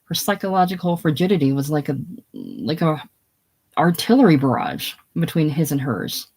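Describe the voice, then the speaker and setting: A reader doing a blunt man who teases and needles his friend. He talks plainly and bossily. The pitch stays in a middle range. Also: huge pitch swings, normal speed, creaky, darkish tone, breathy edge, full character voice. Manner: blunt, teasing. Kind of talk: casual solo play reading.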